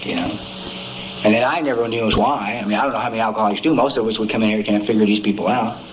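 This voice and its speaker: A man's voice: lowish voice, fairly even intonation, fast, lo-fi sound, slight background noise. A man giving a folksy, emphatic storytelling talk at a recovery meeting, peppering it with "man" and "you know".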